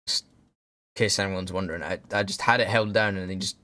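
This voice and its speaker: A man's voice: sits low, steady tone, fast talker, pushed and bright. A young man casually commentating on a game he plays, ranting and swearing often. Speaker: streamer. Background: faint background music.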